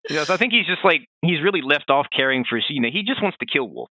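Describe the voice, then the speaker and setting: Lively, bright-voiced man chatting on a podcast. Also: a little high, rapid-fire, no echo, lo-fi sound. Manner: animated, chatty, frequent fillers and restarts. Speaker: podcast co-host. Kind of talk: casual podcast chat.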